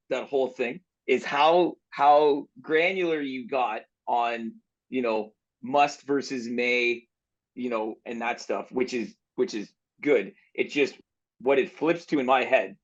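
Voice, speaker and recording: A man with a mid-range voice chats on a podcast, asking questions and working through his ideas aloud with many restarts. His mic sounds a bit dull and muffled. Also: mid-range voice. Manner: thinks aloud, asks questions, restarts phrases. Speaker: podcast co-host. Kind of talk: casual chat.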